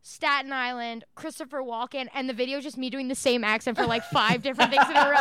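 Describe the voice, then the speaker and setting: A woman hosting a podcast in a casual, animated chat, laughing often. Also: high voice, fast, few pauses, clean tone.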